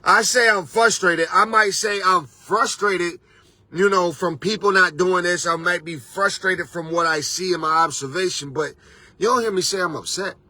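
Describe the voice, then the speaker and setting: A man's voice: sits high, normal speed, pushed and bright, dry recording. A man hosting a motivational talk as a life coach, preachy and casual, with street slang and repeated "you understand".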